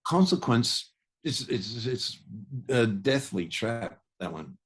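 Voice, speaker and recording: A man's voice: mid-range voice, sing-song, takes it slowly, slightly rough. An older man, telling stories in a rambling, casual podcast chat. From Australia. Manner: rambling, storytelling, many restarts. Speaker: guest musician.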